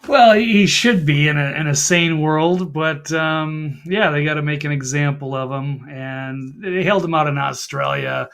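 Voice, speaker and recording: A man's voice: a little high, unhurried, creaky, hardly any pauses, a bit bright. A man appearing as a journalist guest on a talk show, speaking in an easygoing, hesitant way that often trails off. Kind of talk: casual talk show discussion.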